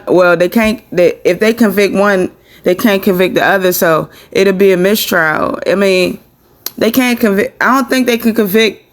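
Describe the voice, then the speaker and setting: A man giving casual, rambling commentary on a court case, with many restarts. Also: on the high side.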